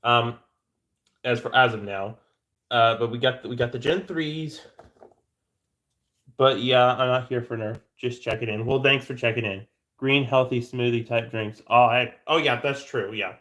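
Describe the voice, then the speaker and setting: A man's voice: mid-range voice, normal speed, a bit bright. A man hosting a casual livestream, rambling and joking with viewers, often stammering and restarting his sentences. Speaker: livestream host.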